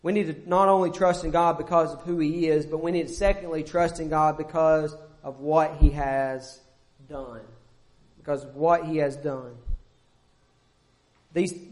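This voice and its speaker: High-voiced man preaching a sermon. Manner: emphatic, repetitive preaching with pauses and self-corrections.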